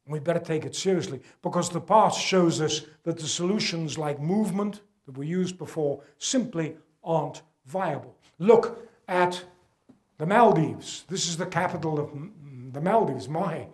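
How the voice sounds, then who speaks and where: A gala crowd hears an older man's measured, slide-backed lecture. There's an earnest, emphatic quality to his somewhat high male voice, which sinks to a hush for serious points.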